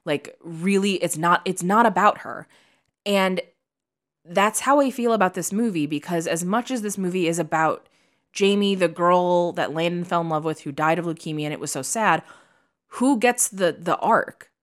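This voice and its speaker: A woman's voice: on the low side, normal speed. A young woman co-hosting a podcast, talking in an emphatic, opinionated, chatty way. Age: young adult. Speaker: podcast co-host. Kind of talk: casual chat.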